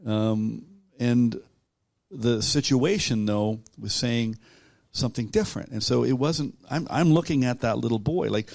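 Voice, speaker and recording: A man being interviewed about his own life, talking in a halting, reflective way with many restarts. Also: medium pitch, gravelly, darkish tone, dry recording, studio quality. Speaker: guest author. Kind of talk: conversational storytelling.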